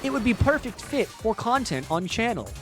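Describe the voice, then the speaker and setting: A man voicing a clumsy male spam emailer who pitches a game in slow, stilted broken English. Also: very animated, soft background music.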